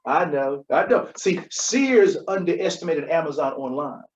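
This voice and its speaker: A man's voice: on the high side, animated, moderate pace. Emphatic man giving money advice. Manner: emphatic, repeats key points, asks "Okay?". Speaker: podcast co-host. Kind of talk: conversational financial advice. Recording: dull lo-fi recording.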